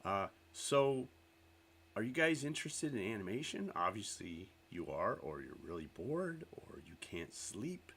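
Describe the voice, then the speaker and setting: A man's voice: on the low side, very animated, unhurried, a bit bright, slight background noise. A man hosting a live stream, chatting casually with viewers in a rambling, self-deprecating way. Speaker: livestream host.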